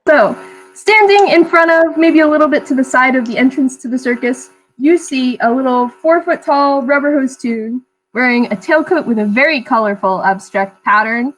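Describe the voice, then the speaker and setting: A woman running a tabletop game as game master, narrating in a relaxed, chatty way. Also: sits high, rough recording.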